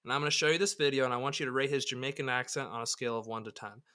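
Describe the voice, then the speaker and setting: A man's voice: medium pitch, very fast, sharp tone, smooth. A man hosting a podcast, joking and swearing casually as he runs the interview. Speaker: podcast host.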